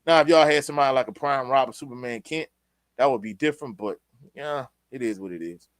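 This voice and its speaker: A man's voice: medium pitch, fast talker, no room sound. Laid-back man, dry sound. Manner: laid-back, opinionated, talks straight to viewers. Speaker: sports show host reading live chat. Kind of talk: casual live-stream reaction talk.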